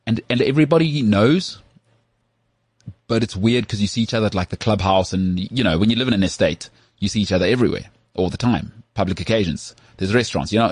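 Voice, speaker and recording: A man with a South African accent, hosting a casual podcast chat in an animated, rhetorical way and often asking if he is understood. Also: on the low side, slightly rough, no room sound. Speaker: podcast host.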